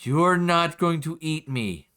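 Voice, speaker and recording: Guy doing a jittery man talking slow n soft to a big cat, bright voice. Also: on the high side, animated, smooth, pitched above the performer's own voice, heavily acted. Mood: pleading. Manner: slow, soothing, nervous.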